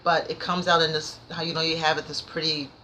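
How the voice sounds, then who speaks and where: A woman reviewing books in a casual vlog, nervous and rambling, stumbling over her words but excited and passionate. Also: deep voice, brisk, slight background noise, rough recording. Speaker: book vlogger. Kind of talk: casual book review chat.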